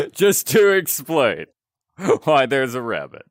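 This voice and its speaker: A man chatting casually with his stream audience while taking requests, talkative and quick to laugh at himself. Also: medium pitch, dry recording, clean studio sound. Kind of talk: casual chat.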